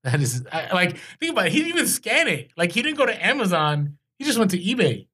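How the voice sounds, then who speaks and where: A man co-hosting a podcast in casual chat, animated, his pitch jumping when he gets excited. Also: fast talker, breathy edge. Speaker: podcast co-host.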